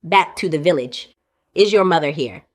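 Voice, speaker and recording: A woman reading the role of a weary, fragile young actress in a play reading, with heartfelt, halting delivery. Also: sits low, animated, no room sound, clean studio sound.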